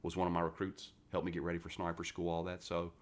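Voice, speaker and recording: Deep-voiced, profane former Marine storyteller. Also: male voice, quick pace. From West Virginia. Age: 40s. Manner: profane, animated storyteller who acts out quoted dialogue. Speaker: podcast guest, retired Marine. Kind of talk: casual storytelling interview.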